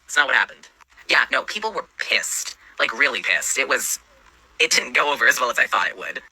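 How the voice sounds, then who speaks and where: A man's voice: medium pitch, expressive, quick pace, vocal fry, bright, forceful tone, dry recording, poor audio. A young man narrating a personal story in a casual, sarcastic way, swearing freely.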